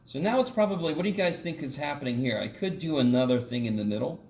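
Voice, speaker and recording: Joking math lecturer in an echoey classroom. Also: male voice, a little high, expressive, quick pace, darkish tone. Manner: casual and joking, with mild swearing. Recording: echoey classroom from a distance, faint room noise.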